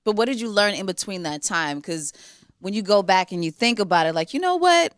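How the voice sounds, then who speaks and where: A woman hosting an interview in a relaxed, chatty way, asking questions and cheering her guest on. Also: mid-range voice, a little fast, dry recording, clean studio sound. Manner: supportive, chatty, lots of short agreements. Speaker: interview host. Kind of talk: casual interview chat.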